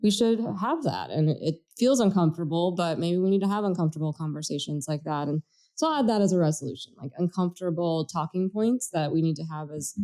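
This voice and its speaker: On a casual political podcast, a woman co-host speaks fast with lively intonation in a low, dark-toned voice. She comes across as earnest and reflective, working through her thoughts out loud.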